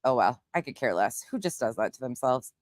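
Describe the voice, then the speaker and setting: A woman's voice: very deep voice, animated, fairly quick, a little mellow, no echo. A woman hosting a casual livestream, chatting bluntly with her viewers, swearing now and then. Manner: blunt, swears, greets chat names. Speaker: livestream host. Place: outdoors at night, windy.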